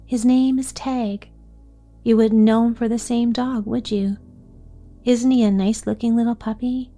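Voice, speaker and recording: A woman's voice: a little high, fairly even intonation, measured pace, dark tone, faint music behind. Woman doing a proud gushing little girl. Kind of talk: bedtime story reading.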